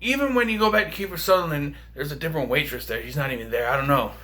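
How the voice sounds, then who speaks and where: A man's voice: a little high, very fast, pushed and bright. A man casually reviewing a film for a vlog, rambling and chatty with lots of fillers and restarts. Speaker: movie reviewer.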